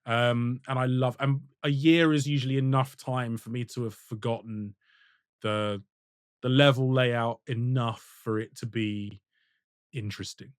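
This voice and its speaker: A man co-hosting a gaming podcast in casual chat, talking in animated, emphatic bursts and laughing often. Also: medium pitch, a little slow, clear, resonant tone, no room sound, clean studio sound. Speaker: podcast co-host.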